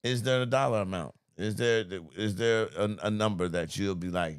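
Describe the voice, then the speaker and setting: A man's voice: lowish voice, moderate pace, hardly any pauses, clean tone, dry recording, studio quality. A man co-hosting a podcast who jokes around and laughs a lot. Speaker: podcast co-host. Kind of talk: casual podcast banter.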